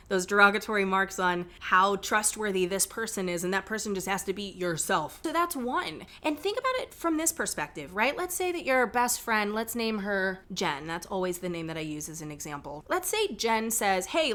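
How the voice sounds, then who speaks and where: A woman in her thirties hosting a podcast, talking casually with lots of asides and playful quoted voices. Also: fairly high pitch. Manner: chatty, animated, quotes herself and others in playful voices; frequent "like" and "okay?" asides. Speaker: podcast host. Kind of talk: casual monologue.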